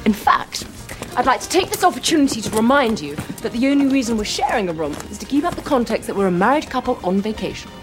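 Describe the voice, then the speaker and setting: A woman's voice: on the high side, animated, fast, few pauses, natural voice. An actress playing a prim, stern British female spy in a film clip, with music behind.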